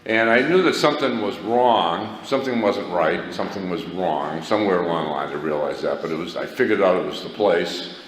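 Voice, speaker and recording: Low-voiced man telling his story in a hall. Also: a little fast. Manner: self-mocking, rambling, laughs at himself. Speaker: recovery meeting speaker. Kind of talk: personal story talk. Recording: echoey hall, faint background noise.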